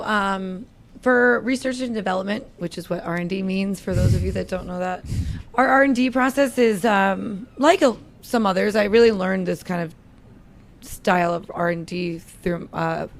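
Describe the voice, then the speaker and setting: A woman who runs the drinks program at a bar, talking candidly and chattily in a relaxed interview and laughing easily. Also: mid-range voice, moderate pace. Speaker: bar beverage director. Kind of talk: casual interview chat. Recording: faint background noise.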